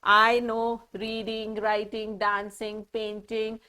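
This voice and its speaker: A woman teaching a grammar lesson to children, speaking patiently and pausing deliberately to show how punctuation changes meaning. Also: on the high side, completely flat delivery, pushed and bright, smooth. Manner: patient, explaining with deliberate pauses.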